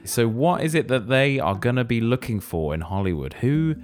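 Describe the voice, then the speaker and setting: A man co-hosting a podcast in casual chat, enthusiastic and speculative as he thinks out loud. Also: medium pitch, animated, moderate pace, soft background music. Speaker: podcast co-host.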